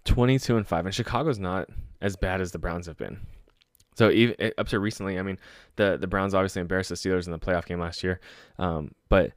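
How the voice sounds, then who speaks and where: A man with a deep, low voice runs through game results in a loose, excitable way. He swears freely and laughs at his own stories. The sound is dry and close, with no room around it. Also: fairly quick, no room sound. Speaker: sports podcast host. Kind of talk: casual solo sports talk.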